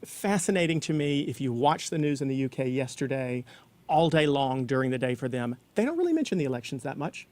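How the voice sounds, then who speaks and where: A man's voice: mid-range voice, very animated, brisk, a little mellow. A man co-hosting a casual weekly news talk show, explaining at length with fillers. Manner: chatty, explanatory, many fillers. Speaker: co-host.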